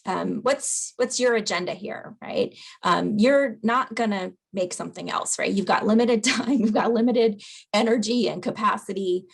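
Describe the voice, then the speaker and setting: A woman leads an online caregiving class in an easy, chatty teaching manner and keeps checking in with "right?". Her voice has heavy vocal fry and a husky edge. She speaks at a middle pitch over a video call. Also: normal speed. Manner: conversational, asks "right?" after points. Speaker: dementia educator. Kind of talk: webinar lecture.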